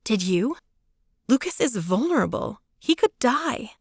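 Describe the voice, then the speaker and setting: Brief: woman narrator doing a desperate young heroine, raised high and tearful, dry booth sound. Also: very animated, measured pace, husky, no room sound, heavily acted. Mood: worried. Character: frightened, pleading young woman. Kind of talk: audiobook character reading.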